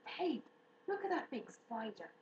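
A woman voicing an excitable, bold young boy who shouts in high bursts. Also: a little slow, highs cut off. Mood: excited. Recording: roomy room echo, faint hiss.

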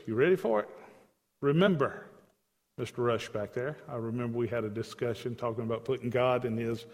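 Emphatic man teaching scripture in a hall. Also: fairly high pitch. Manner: emphatic, conversational, reads scripture aloud. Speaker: Bible teacher. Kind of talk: teaching a Bible study.

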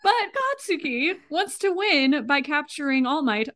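A woman's voice: sits high, expressive, measured pace, fairly bright tone. Congested woman casually recapping an anime. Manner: joking, laughs often. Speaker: podcast co-host.

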